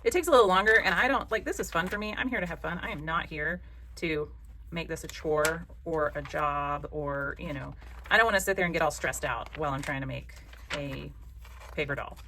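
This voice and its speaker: A woman's voice: low voice, a little fast, pushed and bright, a little hiss or hum. A woman with a Southern American accent hosts a casual craft tutorial, chatty, joking and encouraging. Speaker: craft channel host.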